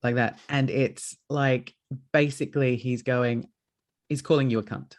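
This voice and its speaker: A man's voice: mid-range voice, fairly even intonation, a little slow. A young man hosting a podcast, chatting casually and acting out his dogs with swearing and put-on voices. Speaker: podcast host. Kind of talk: casual chat.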